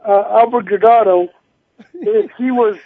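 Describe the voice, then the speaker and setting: A man in his thirties, a former boxing champion, telling animated stories over the phone and acting out the people he quotes. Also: high voice, unhurried, husky, no echo. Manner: animated, acts out quoted people, many restarts. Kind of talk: casual phone interview storytelling. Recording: tinny phone line, dry.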